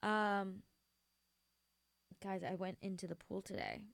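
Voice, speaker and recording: A woman's voice: medium pitch, lively intonation, slow pace, gravelly, no room sound. A young woman hosting a radio show, chatting casually and rambling between songs while sleepy and yawning, gushing with many fillers. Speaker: radio host.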